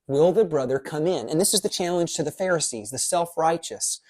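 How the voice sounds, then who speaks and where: A pastor giving a casual devotional teaching in a lively, conversational way, dropping quick asides. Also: mid-range voice.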